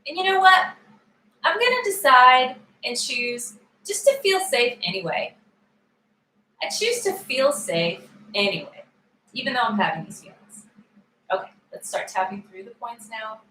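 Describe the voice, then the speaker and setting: A woman coach leads a guided tapping session, speaking slowly and calmly as she voices upset feelings for listeners to repeat. Her voice is bright and sits a little high. The room is roomy and echoey, with a faint hum of ambience behind her.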